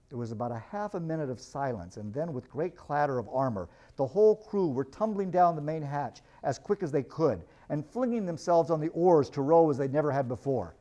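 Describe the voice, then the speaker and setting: Male lecturer, lively storyteller reading passages aloud, voice sits a little high. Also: fairly quick, few pauses.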